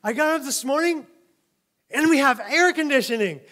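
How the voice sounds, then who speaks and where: A man's voice: very high-pitched, lively intonation, normal speed, bright, forceful tone, pitched above the performer's own voice, exaggerated voice. A pastor putting on a giddy TV anchorman. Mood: giddy amazement. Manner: gushing, amazed, laughing. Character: giddy, overjoyed male TV news anchor.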